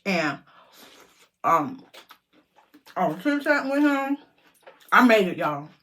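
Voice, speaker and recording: A middle-aged woman vlogger telling a lively story to her viewers, chatty and animated. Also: medium pitch, takes it slowly.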